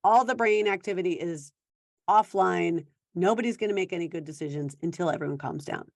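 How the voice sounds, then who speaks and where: Low-voiced woman coaching parents. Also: vocal fry, dry recording, clean studio sound. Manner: conversational, acts out quick quoted exchanges. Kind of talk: instructional talk to parents.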